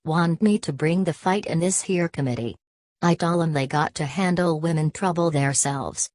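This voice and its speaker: Tubby, gruff migrant man read by a woman; blunt storyteller, low and dry. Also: moderate pace, darkish tone, no room sound, close to an everyday voice.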